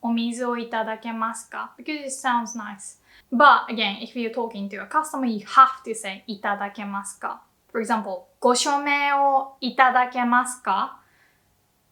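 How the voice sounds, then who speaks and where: A young woman gives an online language lesson in a high, clear voice. Her delivery is lively, with light laughs scattered through her explanations. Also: fairly quick. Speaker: Japanese language teacher.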